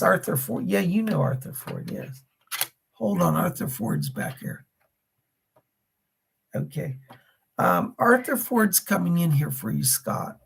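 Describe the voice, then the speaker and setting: A man with a gravelly, raspy voice hosts live psychic readings. His pitch swings up and down as he relays spirit messages and thanks viewers by name. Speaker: psychic medium on a livestream.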